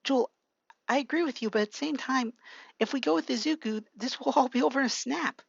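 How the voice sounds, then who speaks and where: A bright female spirit companion, put on by a fan-fiction reader, her voice lifted high and light. The home recording is dull and dry. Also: quick pace, vocal fry, slightly rough, dry recording, full character voice. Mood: reassuring. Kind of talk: amateur fan-fiction reading.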